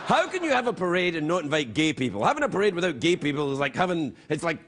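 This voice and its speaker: A man's voice: on the high side, sing-song, quick pace. A middle-aged man with a Scottish accent hosting a late-night talk show, delivering a jokey monologue in a slightly scratchy voice with mock-outraged outbursts. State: scratchy, throat-clearing voice. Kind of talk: comedic monologue and banter. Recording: TV studio with loud audience.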